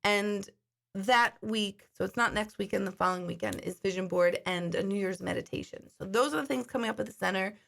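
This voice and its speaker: A woman in her forties chats casually to her live-stream viewers. Her voice has a gravelly, creaky edge. She drifts between rambling stories and reading comments aloud. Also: mid-range voice, fairly quick, a bit bright. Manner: chatty storytelling, reads viewer comments aloud. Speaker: intuitive hosting a live stream.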